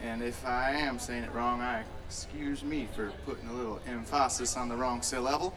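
A man's voice: medium pitch, steady tone, normal speed, background noise. A man, a singer, chatting loosely and jokingly with a live crowd between songs. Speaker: singer and bandleader. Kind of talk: casual stage banter with a live crowd. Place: concert stage. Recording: live concert audio from far off with loud band.

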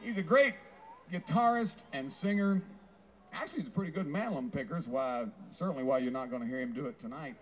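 A man hosting a live variety show with folksy emcee patter and shouted introductions. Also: fairly high pitch, quick pace, slight background noise. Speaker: show host.

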